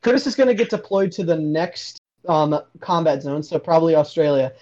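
A young man in casual chat, telling stories with energy and laughing loudly. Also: fairly high pitch, brisk. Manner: animated storyteller, laughs loudly. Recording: dull lo-fi audio.

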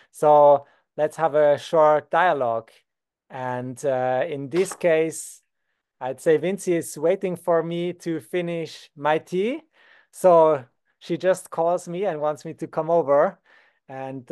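A man's voice: fairly high pitch, darkish tone, clear, resonant tone. Patient Swiss man teaching German basics. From Switzerland. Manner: patient, slows down to model words. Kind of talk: beginner language lesson.

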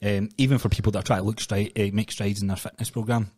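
A man co-hosting a podcast as a personal trainer, chatting casually and swearing through animated stories. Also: fairly low pitch, breathy edge, no echo, studio quality. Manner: fast, swearing, animated storytelling. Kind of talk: casual chat.

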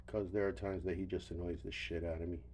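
A man's voice: sits low, little pitch movement, fast, darkish tone, slight background noise. An older man hosting a solo podcast, rambling wearily with profanity and stammered restarts, tired and yawning. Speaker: podcast host.

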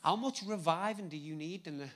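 A man preaching a sermon, animated and jokey, repeating words for emphasis. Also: fairly high pitch, brisk.

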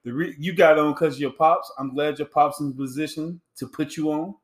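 A man's voice: a little high, steady tone, normal speed. A man co-hosting a podcast in casual chat, blunt and teasing in his banter. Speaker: podcast co-host. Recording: echoey room.

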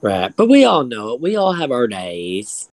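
A man's voice: medium pitch, huge pitch swings, moderate pace, no echo, rough recording. A man co-hosting a podcast, blunt and crude in casual chat, self-deprecating. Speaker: podcast co-host.

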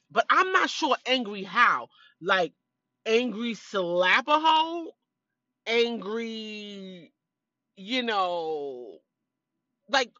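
Chatty woman with a bright, sharp tone, gossipy recap style, a bit congested, dull lo-fi audio. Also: a little high, dry recording. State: congested, clearing throat. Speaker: reality show recapper. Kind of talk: casual chat.

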